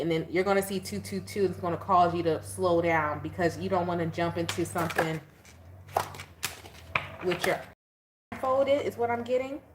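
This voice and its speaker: A young woman giving a casual tarot reading, chatty and animated, laughing and talking straight to her viewers. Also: fairly low pitch, slight background noise. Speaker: tarot reader.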